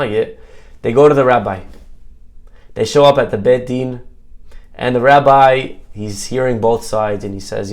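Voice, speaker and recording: A rabbi giving a Torah talk, telling a parable as an animated, jokey storyteller. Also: male voice, mid-range voice, a little slow, long pauses.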